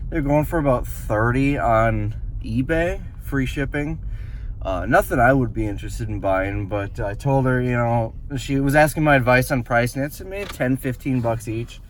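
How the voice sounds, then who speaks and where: Man, casual vlogger, chatty and self-deprecating, average pitch, faint road noise behind. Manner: chatty, self-mocking, jumps between excitement and asides. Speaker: reseller vlogger. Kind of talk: casual vlog talk to camera. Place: in his car and at outdoor garage sales.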